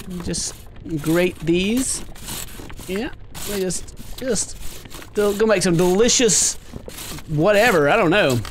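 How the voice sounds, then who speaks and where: A man playing through a game and commenting on it, breaking into yelps and shouts when startled. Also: fairly high pitch, slight background noise. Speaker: gaming video host.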